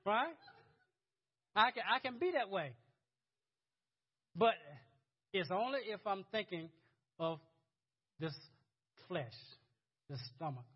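A man's voice: high-pitched, big pitch swings, slow pace, long pauses, slightly rough, lo-fi sound. A man preaching a sermon in a conversational, chuckling way, often repeating words as he goes. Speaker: pastor.

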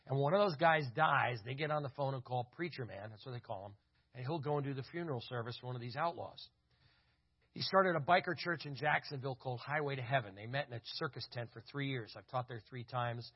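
A man tells a story in a sermon, acting out what people said. His voice is husky and mid-pitched. The recording sounds dull and lo-fi. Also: fast. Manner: animated storyteller acting out dialogue. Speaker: conference speaker. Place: church. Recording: dull lo-fi audio.

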